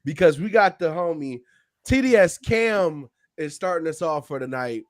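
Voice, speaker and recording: A man's voice: fairly high pitch, animated, moderate pace, no echo, clean studio sound. A man hosting a music review livestream, talking in casual slang and laughing often.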